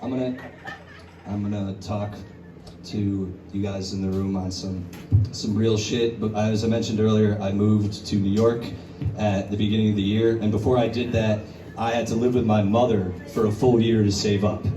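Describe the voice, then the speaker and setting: Stand-up comic in an echoey bar. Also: male voice, fairly even intonation, normal speed, noisy background. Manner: crude, conversational, jumps into high character voices. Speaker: stand-up comedian. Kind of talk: stand-up comedy set. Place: brewery comedy show. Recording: roomy bar recording from a distance. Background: audience laughter and bar ambience.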